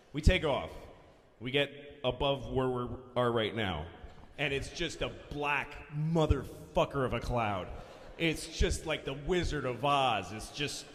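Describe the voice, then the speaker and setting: A man telling a story in stand-up, animated and profane, shouting the big moments. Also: a little high, long reverb tail. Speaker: stand-up comedian.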